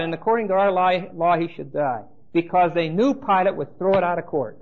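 A man's voice: high voice, brisk, few pauses, highs cut off. A man preaching a sermon with emphasis and dry humor, speaking straight to his listeners.

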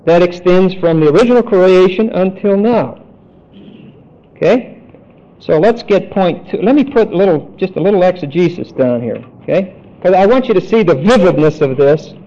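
A man teaching a Bible study lecture, deliberate and emphatic, spelling out Greek words. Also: high voice, warm tone. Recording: dull lo-fi recording.

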